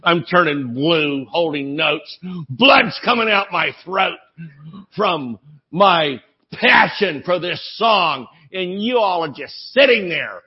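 A man acting out a self-righteous male song leader scolding a congregation, shouting. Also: fairly high pitch, animated, slow, slightly rough, highs cut off, voice pushed up, heavily acted. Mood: indignant scolding.

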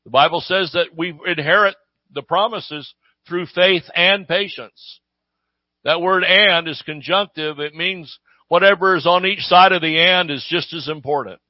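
A man delivers a sermon in a slightly higher voice, talking to his listeners as if in conversation and regularly asking them "Amen?". The recording is close and dry, with a somewhat dull, muffled sound. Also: unhurried, dry recording. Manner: conversational preaching with call-and-response "Amen?". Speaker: pastor.

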